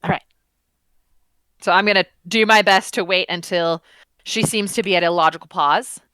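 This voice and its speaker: A woman's voice: on the low side, normal speed, bright, forceful tone, clean tone, no room sound. A woman playing a tabletop game, speaking casually and politely for her party. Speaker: player.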